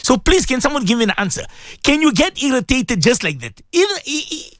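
A man hosting a casual morning radio talk show, speaking in a fairly high voice that swings widely up and down. He is animated, often repeats his words, and pleads and exclaims at his listeners. The sound is dry and close, with no room echo. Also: fairly quick. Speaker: radio show host addressed as Maulana.

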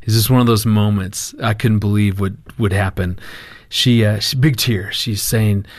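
A man with a lowish voice shares a personal story in a casual conversation. He tells it with animation and acts out the quoted dialogue. The recording is dry and close. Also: fairly even intonation, moderate pace, no echo. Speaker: marriage counselor and guest.

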